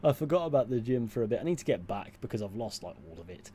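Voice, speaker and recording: A man's voice: mid-range voice, lively intonation, fast talker, dark tone, a little hiss or hum. Blunt, sweary British young man. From United Kingdom. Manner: blunt and sweary, with dry asides. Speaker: streamer. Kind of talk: casual livestream chat, answering viewers.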